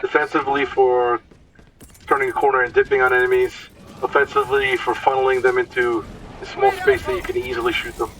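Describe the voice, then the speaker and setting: A man's voice: medium pitch, very animated, fairly quick, a bit bright. Guy casually explaining a game run, trips over words sometimes, kinda far from the mic, light noise behind. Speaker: gameplay commentator. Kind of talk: casual gameplay commentary.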